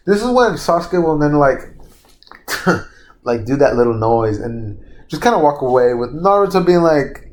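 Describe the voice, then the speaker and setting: A man's voice: a little high, lively intonation, moderate pace, darkish tone. A young man casually retelling a made-up fan story, rambling, stopping to recall names and correcting himself, swearing freely. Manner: laughs at his own slips, swears casually.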